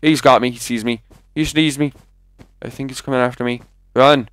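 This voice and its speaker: The voice is a man's, medium-pitched, steady, fairly bright and clean, at a moderate pace in a dry recording. As a gaming commentator, he delivers rambling live let's-play commentary while he plays, chatty and quick to exclaim jumpily.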